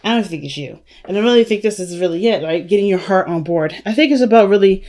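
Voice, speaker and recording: A woman's voice: mid-range voice, lively intonation, fast talker, a little mellow. Chatty woman giving a tarot reading. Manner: chatty and emphatic, full of "you know" and "right?"; addresses viewers as "family" and "y'all". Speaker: tarot reader. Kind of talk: casual spoken tarot reading.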